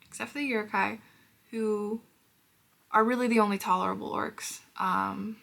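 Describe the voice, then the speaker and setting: A woman's voice: mid-range voice, steady tone, normal speed, vocal fry, fairly bright tone. A woman giving a blunt, sarcastic, casual book review, swearing freely and dropping into whispered asides.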